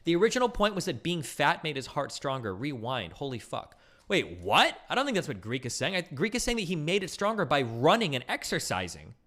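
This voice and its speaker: A man commenting on his own live stream, launching into quick, profane rants. His pitch swings widely as he talks, and he keeps the pace high throughout. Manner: animated, profane, rapid rants. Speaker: streamer host.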